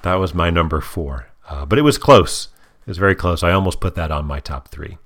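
A man's voice: low voice, lively intonation, a little fast, fairly bright tone. A man hosting a casual podcast with his daughter, chatting about a cartoon episode. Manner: chatty, plays dad to daughter co-host. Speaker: podcast host. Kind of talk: casual chat.

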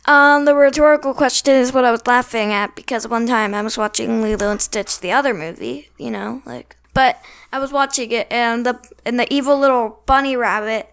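A woman's voice: on the high side, brisk, fairly bright tone, clean tone. A woman co-hosting a podcast, chatting playfully and teasing her co-host. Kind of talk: casual chat.

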